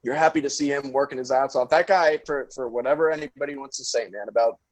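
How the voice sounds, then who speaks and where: A man's voice: mid-range voice, fast talker, no echo, rough recording. Profane young man telling a story. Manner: profane, animated storyteller acting out quotes. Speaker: podcast co-host. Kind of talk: casual storytelling chat.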